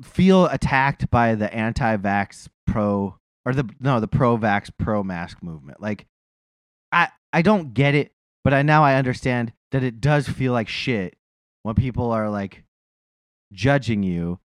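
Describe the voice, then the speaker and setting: A man's voice: medium pitch, lively intonation, unhurried, smooth, dry recording. A man telling a profane, self-mocking story in a casual podcast chat.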